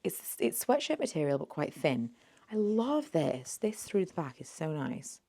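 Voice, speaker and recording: Low, gravelly woman chatting. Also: big pitch swings, measured pace, mellow. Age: late 30s. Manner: chatty and rambling, a little slurred from just waking. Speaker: beauty vlogger. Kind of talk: casual thrift haul chat.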